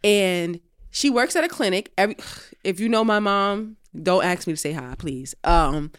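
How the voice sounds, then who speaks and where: Young woman podcast co-host; lively profane storyteller, mid-pitched, dry studio sound. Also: moderate pace, clean tone, dry recording. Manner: animated, profane, acts out quotes. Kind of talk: casual storytelling chat.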